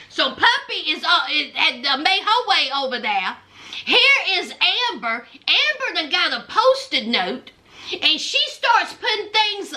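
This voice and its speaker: A woman's voice: high voice, sing-song, moderate pace, background noise. A woman hosting a reality TV recap, telling it as a sassy, dramatic story in casual commentary. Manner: sassy, dramatic storytelling, calls listeners honey.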